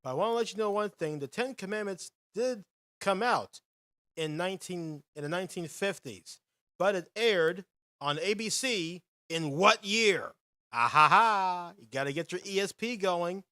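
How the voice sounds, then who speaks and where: A young man runs a podcast quiz in an upbeat, announcer-like manner. His voice sits high and sounds sharp and bright, with dry, close sound. His pitch jumps around a lot as he reads the answer choices. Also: lively intonation, normal speed, no echo. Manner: upbeat, announcer-like, hums filler while waiting. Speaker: podcast host running a quiz. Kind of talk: energetic quiz show hosting.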